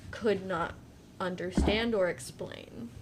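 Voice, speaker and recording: Thoughtful woman speaking calmly. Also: mid-range voice, background noise. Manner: thoughtful, measured. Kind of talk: casual chat.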